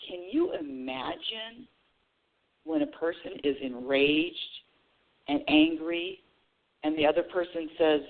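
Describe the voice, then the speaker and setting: A woman's voice: lowish voice, slow, vocal fry, long pauses. Woman hosting talk radio on a phone-like line. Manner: animated storytelling, addresses audience directly; many restarts and repeated words. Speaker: radio show host. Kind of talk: spiritual talk radio monologue. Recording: narrow phone-like radio sound.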